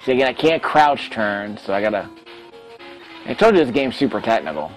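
Man, low voice, lively up-and-down delivery, casual gameplay commentary, self-critical, faint game music. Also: a little fast, low-quality recording. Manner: chatty, self-critical, talks to himself while playing. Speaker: let's play host.

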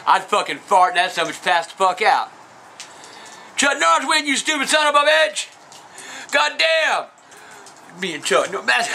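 A man's voice: high-pitched, vocal fry, sharp tone, slight background noise, heavily acted, rough recording. A man playing a cranky, foul-mouthed old trailer-park man who rambles and hurls insults while answering questions in a comedy Q&A. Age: older. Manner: profane, rambling, insulting ranting. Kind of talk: comedic character Q&A.

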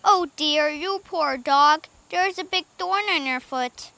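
A woman voicing a kind, motherly older sister who speaks gently and reassuringly. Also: high-pitched, slow, vocal fry, no echo, exaggerated voice. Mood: gentle.

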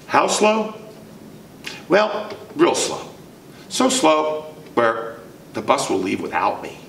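A man's voice: mid-range voice, creaky, fairly bright tone, slight background noise. A man leading a children's music lesson, telling a playful story and calling out to the kids. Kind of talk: sing-along lesson for kids. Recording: roomy, distant mic with guitar.

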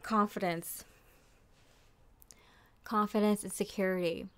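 A young woman talks through a tarot reading in a loose, chatty way, filling her speech with "like" and "you know" and slipping into quick quoted voices. Her voice is smooth and clear, sitting at an ordinary middle pitch. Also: fairly even intonation, a bit bright. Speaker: tarot reader. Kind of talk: casual spoken tarot reading.

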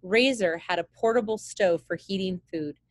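A woman teacher reading a children's book aloud in a steady, plain way with small slips. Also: medium pitch, normal speed, no room sound.

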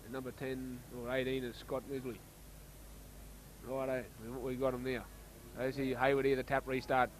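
An Australian man giving casual, chatty commentary on a local rugby league match, getting excited when play heats up. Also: medium pitch, moderate pace, noisy background.

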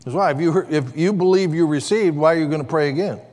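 Male pastor, sermon, slightly high voice, long church reverb. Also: fast, darkish tone. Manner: preaching with call-and-response amens. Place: church sanctuary.

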